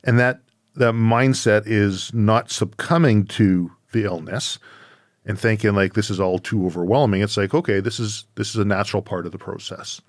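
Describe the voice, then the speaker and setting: A male podcast host with a low voice talks through his thoughts in a measured, reflective way. The sound is close and dry. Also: fairly even intonation, no echo. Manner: reflective, measured, thinking aloud. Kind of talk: conversational interview.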